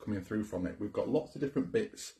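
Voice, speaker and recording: Low-voiced presenter man. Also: fast, warm tone. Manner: upbeat presenter, explains the setup, laughs easily. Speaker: ghost hunt livestream co-host. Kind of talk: casual livestream presenting. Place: old abandoned cottage, indoors.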